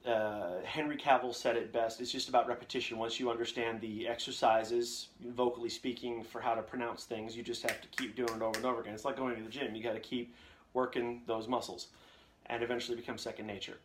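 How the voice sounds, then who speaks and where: A man's voice: medium pitch, little pitch movement, fairly quick. A young man, a voice actor, chatting casually and joking with viewers during a live Q&A from his home recording setup on a condenser mic. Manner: chatty, jokey, reads out viewer comments. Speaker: voice actor hosting a live Q&A stream. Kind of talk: casual live-stream chat. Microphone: condenser microphone with reflection shield.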